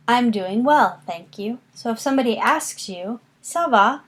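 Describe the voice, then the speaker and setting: Patient teacher voice, woman, unhurried classroom delivery with lots of repetition. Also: on the high side, lively intonation. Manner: patient, slow, repeats words for students to copy. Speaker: French teacher. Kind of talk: recorded classroom lesson.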